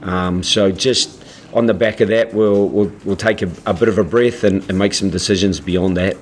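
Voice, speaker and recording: Low-voiced man answering measured. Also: fairly even intonation, slight background noise. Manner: measured, halting, many restarts. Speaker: head coach. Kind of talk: press conference answers. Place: press conference room.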